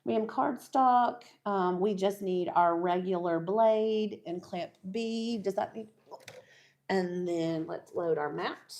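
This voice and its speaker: A woman's voice: medium pitch, slow, darkish tone. A middle-aged woman hosting a craft show, chatting casually and laughing as she works. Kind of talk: casual chat while crafting.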